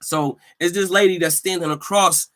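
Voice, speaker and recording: A man hosting a casual solo podcast, telling stories in animated slang and laughing often. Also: sits high, normal speed. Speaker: podcast host; healthcare worker.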